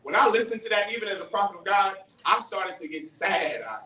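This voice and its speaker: A man giving a fiery street-style religious lecture, animated, questioning the audience and acting out voices. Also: high voice, a little fast. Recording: roomy, distant mic, faint hiss.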